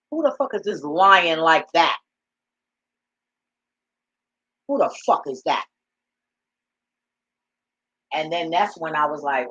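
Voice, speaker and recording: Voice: medium pitch, slightly rough, no room sound, dull audio. Blunt, profane live-stream host. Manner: animated, profane and blunt, with frequent laughs. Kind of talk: casual live-stream commentary.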